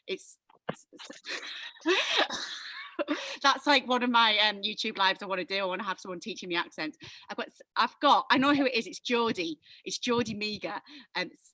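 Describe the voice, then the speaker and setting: A bubbly young woman hosts a casual live stream over a video call, laughing often and poking fun at herself. Her voice is bright and fairly high, recorded close and dry. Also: lively intonation, normal speed, long pauses, no room sound, poor audio. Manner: giggly, bubbly, self-deprecating.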